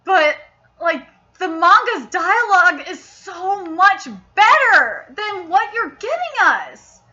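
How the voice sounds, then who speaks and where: A young woman hosting a casual anime review, excitable and swearing freely as she rants in frustration. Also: very high voice, takes it slowly, lo-fi sound. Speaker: anime reviewer, channel host.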